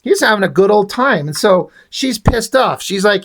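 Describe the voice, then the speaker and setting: A man's voice: high-pitched, expressive, normal speed, a bit bright, slight background noise. A man giving a casual, profane, sardonic recap of a comic book.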